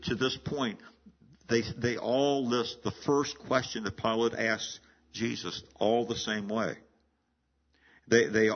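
A man's voice: lowish voice, breathy edge. A man preaching an expository sermon in a conversational teaching manner, often restarting and repeating words mid-sentence. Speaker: pastor. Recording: muffled lo-fi sermon recording.

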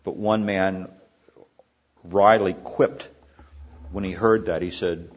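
A deep-voiced man delivers a sermon in a husky tone. He speaks conversationally, posing questions and circling back on his phrases. The church recording sounds dull and lo-fi. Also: steady tone, takes it slowly, pauses often. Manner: conversational preaching with rhetorical questions and restarts. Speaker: pastor.

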